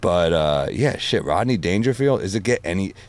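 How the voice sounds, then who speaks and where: Deep-voiced male comic, casual podcast anecdotes, swears often, laughs at his own stories. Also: lively intonation, moderate pace. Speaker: comedian guest.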